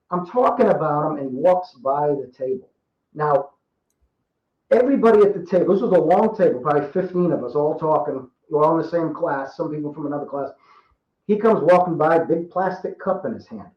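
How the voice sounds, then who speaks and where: Man, 50s, from Rhode Island; chatty guest storyteller, slightly high voice, roomy lo-fi audio. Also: expressive, brisk. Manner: rambling, chatty, repeats and restarts. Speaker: podcast guest. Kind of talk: casual storytelling. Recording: roomy, dull lo-fi sound.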